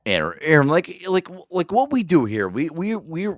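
A man's voice: a little high, wildly swooping pitch, normal speed, no room sound, clean studio sound. A young man hosting a casual podcast chat, rambling, laughing and swearing often. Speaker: podcast host.

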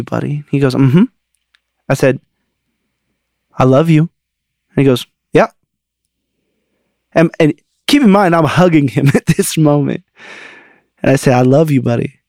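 A middle-aged man hosting a podcast, telling a personal story in an animated way and laughing often. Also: on the high side, dry recording, clean studio sound. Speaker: podcast host.

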